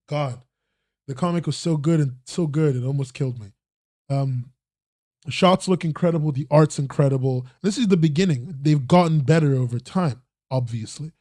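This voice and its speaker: Rambling low-key male podcast host. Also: normal speed, pauses often, a little mellow, no echo, studio quality. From not American. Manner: rambling, self-interrupting, swears casually. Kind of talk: casual livestream news roundup.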